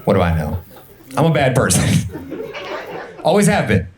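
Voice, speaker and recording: A young man doing an energetic, absurd stand-up set in a comedy club, slipping into put-on voices for the people he quotes. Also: mid-range voice, normal speed. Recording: live club set with a laughing crowd.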